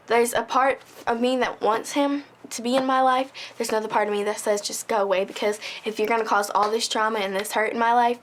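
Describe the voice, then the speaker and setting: Earnest woman sharing her story, higher pitch. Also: a little hiss or hum. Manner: earnest, emotional, tells stories with quoted dialogue. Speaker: interviewee. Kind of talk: personal testimony.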